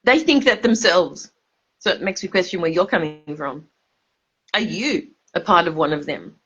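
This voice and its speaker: A woman's voice: lowish voice, lively intonation, normal speed, fairly bright tone, breathy edge, lo-fi sound. A drunk woman, rambling and swearing emphatically on a livestream, stumbling over her words.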